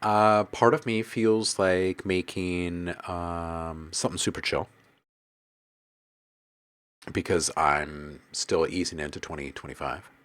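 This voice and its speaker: A man's voice: sits low, fairly even intonation, slow pace, fairly bright tone. A man hosting a casual live stream about making music, joking with his chat, reading their messages aloud and laughing often. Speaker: livestream host and music producer.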